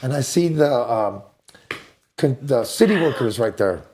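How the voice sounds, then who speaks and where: A man in his forties tells wild stories in casual, slangy talk. His voice sits at an ordinary middle pitch, and he leaps high whenever he quotes someone. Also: unhurried, a little hiss or hum. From United States. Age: 40s. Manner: animated storyteller, jumps up high for quoted voices; laid-back slangy talk. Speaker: podcast guest. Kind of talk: casual storytelling.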